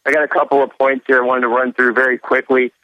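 A man's voice: mid-range voice, flat delivery, fast, lo-fi sound, slight background noise. A man calling in to a radio show, earnestly running through his points. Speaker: caller. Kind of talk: phone-in call.

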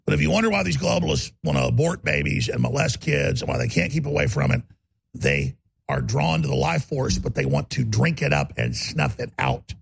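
Gravelly, bellowing talk radio host. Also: male voice, medium pitch, very animated, fairly quick, a little hiss or hum. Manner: bellowing, emphatic rant. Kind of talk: ranting talk radio monologue.

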